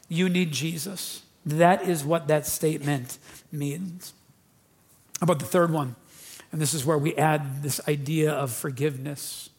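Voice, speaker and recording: A man's voice: on the high side, steady tone, unhurried. A man preaching a sermon to his congregation, emphatic and repeating key lines for emphasis. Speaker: pastor. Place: church.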